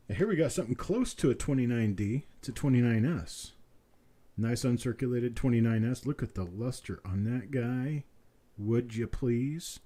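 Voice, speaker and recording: A man hosting a live coin auction, calling bids over and over between chatty asides, his voice a little rough tonight. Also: medium pitch, lively intonation, dark tone. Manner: repetitive rapid bid calling, chatty asides. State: slightly rough voice. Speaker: auctioneer and host.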